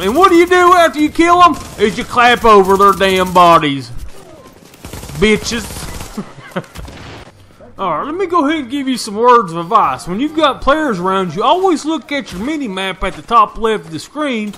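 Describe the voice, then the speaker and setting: A brash young man with a drawl trash-talks his way through a shooter match, cussing and hollering. His voice sits high and bright, with a sharp forward edge. A faint hiss runs under it. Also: very animated, moderate pace. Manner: brash, profane, folksy trash talk. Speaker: gaming YouTuber. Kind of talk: game commentary.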